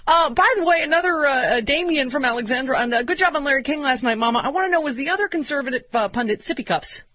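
A woman hosting a comedic talk radio show, animated and sarcastic, often laughing. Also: high-pitched, quick pace. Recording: lo-fi broadcast with faint hiss.

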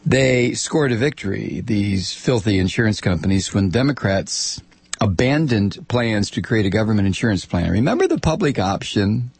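A man's voice: lowish voice, very animated, moderate pace, gravelly, darkish tone, slightly rough, dry recording. A man hosting a political talk show, reading news and ranting sarcastically. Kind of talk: political talk radio commentary.

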